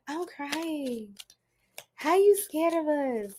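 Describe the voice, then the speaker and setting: A woman's voice: fairly high pitch, animated, a little slow, pauses often. A woman tarot reader, chatting and joking with viewers on a live stream and laughing often. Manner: laughing a lot, playful, chatty.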